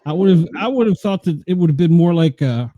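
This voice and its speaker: A man hosting a podcast, asking curious questions in halting bursts with restarts. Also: on the high side, lively intonation, dry recording, dull audio. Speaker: podcast host. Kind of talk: casual interview questions.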